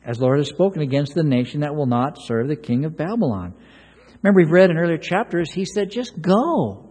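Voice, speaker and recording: Man, pastor, sermon, slightly high voice, earnest, repeats words, long hall reverb. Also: quick pace, a little mellow, slightly rough. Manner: earnest, repeats words, acts out quoted pleas.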